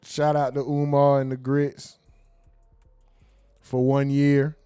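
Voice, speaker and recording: A man's voice: mid-range voice, monotone, takes it slowly, dark tone, clean tone, faint music behind. A man hosting a casual livestream, reading out chat comments in a loose, joking and profane way. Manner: loose, joking, profane, sings and mumbles to himself. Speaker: streaming show host.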